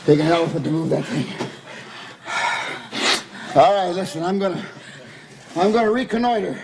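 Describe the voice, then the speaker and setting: An actor playing a steady former army father in a 1970s soap opera, gruff and reassuring, on a hissy old TV soundtrack. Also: sits high, normal speed. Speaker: father trapped after an explosion.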